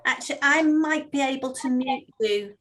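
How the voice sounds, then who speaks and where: A woman's voice: high-pitched, moderate pace, fairly bright tone, rough recording. A woman hosting a volunteer meeting on a video call, chatty and friendly, with many ums. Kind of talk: online meeting talk.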